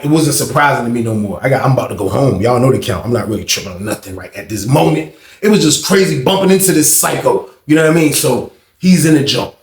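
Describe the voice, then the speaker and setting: Slangy man telling a story, echoey room. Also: mid-range voice. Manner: profane, slangy, addresses viewers as y'all. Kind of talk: casual storytime.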